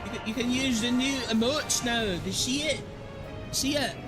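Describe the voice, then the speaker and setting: Excitable man streaming a game. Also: extremely high pitch, normal speed. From Philippines. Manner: chatty, excitable, reads game text aloud. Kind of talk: casual live-stream chatter while playing. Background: game music.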